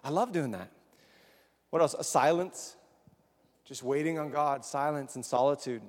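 A slightly high-voiced preacher takes his time, chatting casually with his congregation and quizzing them as he goes. His words bounce around a large hall with a long, echoing reverb.

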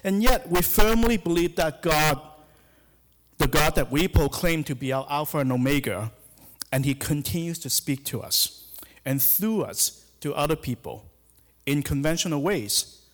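A man's voice: fairly high pitch, unhurried. A middle-aged man, a hospital chaplain giving a sermon in a church, speaking hesitantly with many fillers and restarts. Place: church sanctuary. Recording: long hall reverb.

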